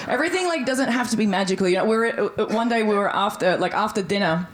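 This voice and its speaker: A young Australian woman performing stand-up comedy on a live stage, with a brash, animated delivery and plenty of swearing. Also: medium pitch, a little fast, some chatter behind, rough recording.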